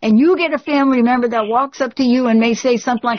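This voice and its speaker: A woman's voice: on the high side, fast, muffled recording. A woman hosting a call-in radio show, speaking in a direct, earnest and emphatic way to a caller.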